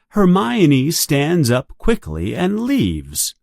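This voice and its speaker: A narrator reading a children's chapter book aloud for a read-along, slowly and very expressively, pitching up for the quoted characters. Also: huge pitch swings, darkish tone, dry recording, clean studio sound.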